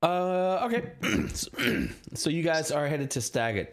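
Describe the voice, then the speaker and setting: A man's voice: on the high side, big pitch swings, measured pace. A man running a tabletop game as game master, talking loosely and thinking aloud.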